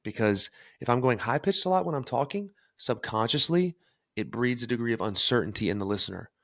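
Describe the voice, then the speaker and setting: A man's voice: on the low side, dry recording, clean studio sound. Fired-up young man, podcast host. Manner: energetic, emphatic, self-described as fired up. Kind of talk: solo podcast talk on self-improvement.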